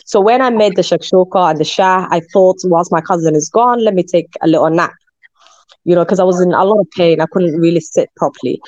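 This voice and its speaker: Halting woman. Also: lowish voice, darkish tone, no echo. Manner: halting, with many fillers and restarts; mixes Somali words into English. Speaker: interviewee. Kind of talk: personal testimony in an interview. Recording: dull, dry, slightly muffled recording.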